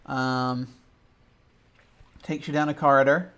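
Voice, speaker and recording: A man running a tabletop game as game master, narrating with lots of pauses and fillers. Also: medium pitch, level tone, a bit bright, smooth, muffled recording. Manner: hesitant, many fillers.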